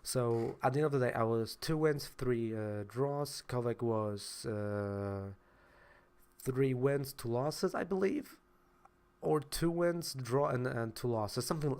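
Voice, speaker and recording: A young man with a Polish accent tells a heated story in a casual vlog. He swears freely and jumps between his own voice and the other players' lines. His pitch sits in an ordinary middle range for a man. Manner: animated, swearing, acts out both sides of an argument. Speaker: card game vlogger.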